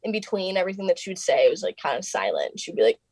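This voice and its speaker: A young woman, a singer being interviewed, telling her story in a chatty casual way, full of "like" and quick quoted asides. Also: fairly low pitch, no echo. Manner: chatty, fillers of "like" throughout, quoting others in lively bursts.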